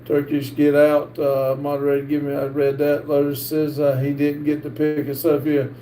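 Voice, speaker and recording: A middle-aged man with a North Carolina accent hosts a live stream and reads viewer comments aloud, halting often with "uh". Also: a little high, monotone, mellow, faint music behind. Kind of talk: casual live-stream chat. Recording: echoey room with faint background hiss.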